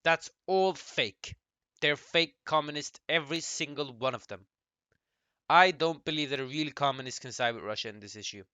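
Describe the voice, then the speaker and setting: A man's voice: mid-range voice, fairly quick, pushed and bright, no echo. A man giving casual reaction commentary, cutting in with blunt, dismissive rebuttals. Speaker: YouTube commentator reacting to a clip.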